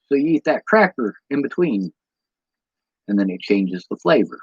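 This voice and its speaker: A tired, sleep-deprived man with a Midwestern American accent rambles casually to his livestream chat, drifting onto tangents with many ums. His mid-range voice is husky, with big pitch swings at normal speed. The stream audio is dull and lo-fi, with no echo.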